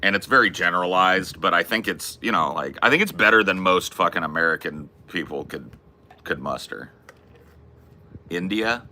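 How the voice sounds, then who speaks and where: Laid-back profane man, bright voice. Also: sits low, lively intonation, normal speed, a little hiss or hum. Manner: profane, laid-back, calls people dude and bro. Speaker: podcast host. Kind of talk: casual chat.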